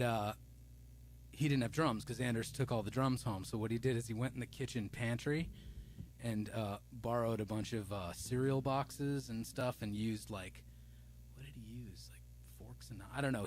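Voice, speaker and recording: A man's voice: mid-range voice, steady tone, moderate pace, slight background noise. A man hosting a casual music live stream, chatting loosely and playfully as he reads out viewer comments. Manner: rambling and playful, reading viewer comments aloud; loose and self-deprecating, with many restarts.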